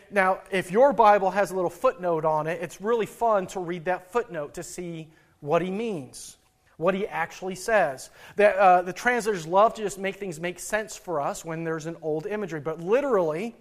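A middle-aged man, a pastor, preaching a sermon in a folksy, storytelling way and chuckling at his own anecdotes. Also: sits high.

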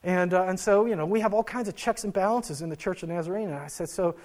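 Young guy pastor preaching, kinda high voice, restarts a lot mid-story. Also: fast, a little mellow. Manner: earnest storytelling with frequent restarts. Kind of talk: sermon.

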